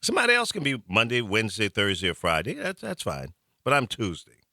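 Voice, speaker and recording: A male talk-show host with a bright, forceful voice, telling a long story in loose, chatty fashion. His pitch swings freely while he chuckles at his own jokes. The sound is close and dry. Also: huge pitch swings, a little fast, dry recording. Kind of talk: casual storytelling chat.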